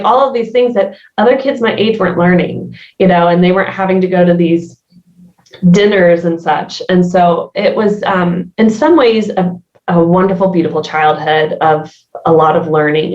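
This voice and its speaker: A Southern woman with an American Southern accent reflects thoughtfully as a podcast guest, using many fillers and restarts. Her voice is fairly low and a little mellow. The recording sounds distant, roomy and dull, like a remote connection.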